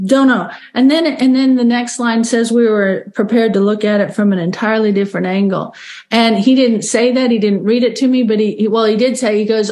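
A middle-aged American woman telling her recovery story in an earnest, halting way, with many restarts and fillers. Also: fairly high pitch, darkish tone. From United States. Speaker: recovery speaker. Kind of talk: personal recovery share.

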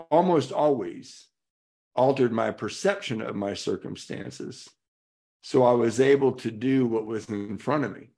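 A middle-aged man from California shares his recovery story at a convention with a gravelly edge. His pitch sits in an ordinary middle range. He tells it candidly, slipping into the voices of the people in his stories. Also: unhurried, darkish tone. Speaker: recovery speaker. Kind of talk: personal testimony talk. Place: convention hall.

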